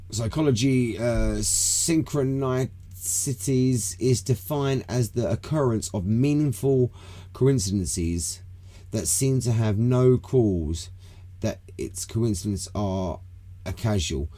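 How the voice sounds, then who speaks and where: A man's voice: medium pitch, slow pace, mellow. A British man co-hosting a podcast in casual, rambling chat, laid-back and swearing freely. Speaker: podcast co-host. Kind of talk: casual chat on a live smoke session.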